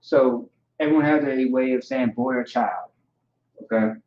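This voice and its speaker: A man's voice: medium pitch, a little slow, slight background noise. Guy teaching words over and over, lots of "all right" and "okay", echoey room, muffled lo-fi audio. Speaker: language teacher. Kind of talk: informal vocabulary lesson. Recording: echoey room, dull lo-fi sound.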